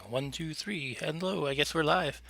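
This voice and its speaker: A man's voice: on the high side, vocal fry, a bit bright, dry recording. A man hosting a casual live game stream from home, out of breath, chatty and joking with asides. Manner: chatty, self-deprecating, with fillers and quick asides.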